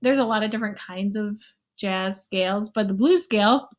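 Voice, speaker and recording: A young adult woman with a mid-range voice teaches a casual online music lesson at a moderate pace. She explains rhythm and scales, now and then humming or counting beats out loud.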